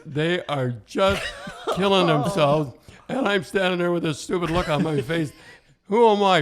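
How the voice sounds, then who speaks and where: Older man telling rambling stories. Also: a little high. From Canada. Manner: rambling storyteller, frequent restarts, laughs at his own stories. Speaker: podcast co-host, former hockey coach. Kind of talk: casual anecdotal chat.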